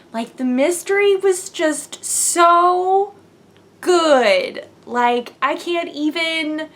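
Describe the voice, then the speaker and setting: Young female podcast host, slightly high voice, chatty, rambling, gushy. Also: fairly bright tone, a little hiss or hum. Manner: bubbly, rambling, gushing, laughs often. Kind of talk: casual chat.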